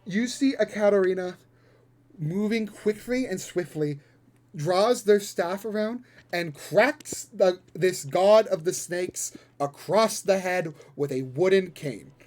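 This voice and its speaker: A man's voice: sits high, animated, darkish tone. A man running a tabletop role-playing game and narrating the scene, with fillers and the odd curse. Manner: descriptive, halting with fillers and swears. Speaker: game master.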